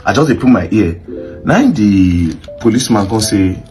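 A Nigerian man excitedly recounting events, mixing in Pidgin and acting out what others said. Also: fairly low pitch, normal speed, faint music behind. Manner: excitable, mimics others' voices. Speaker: social media commentator recounting events. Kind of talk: animated storytelling in Pidgin-mixed English.

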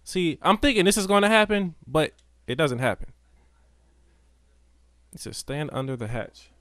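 Man, gameplay streamer, chatty commentary, lively swinging pitch, dry close sound. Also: moderate pace, dry recording. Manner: animated, chatty, talks to chat and game characters. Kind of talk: casual live gameplay commentary.

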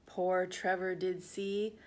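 A woman therapist reads a children's picture book aloud at a very slow, unhurried pace. She talks gently, pausing to ask questions and dropping to a hush now and then. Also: on the low side, little pitch movement. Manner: gentle, asks the listener questions. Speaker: family therapist.

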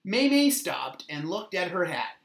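Woman, storybook read-aloud, slow, lively pitch, echoey room. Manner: slow, expressive reading. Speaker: children's book reader.

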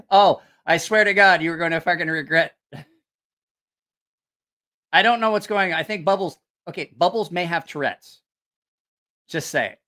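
A man's voice: on the high side, a little slow, long pauses, sharp tone. A man hosting a casual livestream, telling rambling, profane stories and reacting to viewer comments. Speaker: channel host.

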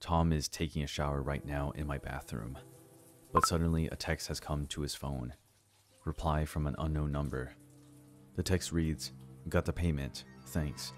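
A man narrating a first-person horror story in a slow, even, scripted storytelling delivery. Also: extremely low pitch. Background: faint background music.

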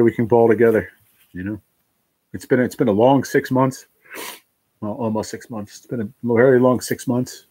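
A man hosting a livestream, crying and thanking his viewers in a heartfelt, halting way. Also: mid-range voice, a little mellow, dry recording. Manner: tearful, heartfelt, halting with restarts. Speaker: livestream host reading chat. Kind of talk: emotional livestream chat.

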